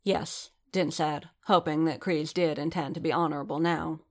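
Low, gravelly-voiced woman reading a story. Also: fairly even intonation, moderate pace. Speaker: narrator. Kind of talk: fan fiction reading aloud.

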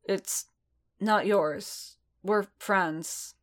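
A woman reading as Din, a halting weary warrior. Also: medium pitch. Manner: halting, stumbling over words. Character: weary, honor-bound male bounty hunter. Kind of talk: fan fiction audiobook reading.

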